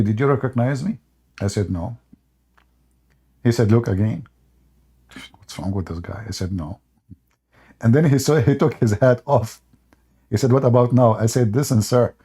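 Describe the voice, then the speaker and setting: An aged man tells a story on his livestream, laughing often and acting out the other people's lines. His voice is husky, with a mellow, dark tone. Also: mid-range voice. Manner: animated, laughs often, acts out quotes. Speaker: livestream host.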